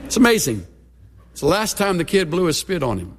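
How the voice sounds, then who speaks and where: A man's voice: on the high side, wildly swooping pitch, a little fast, in a large hall, slight background noise. A middle-aged man, a pastor preaching a sermon with folksy, humorous storytelling.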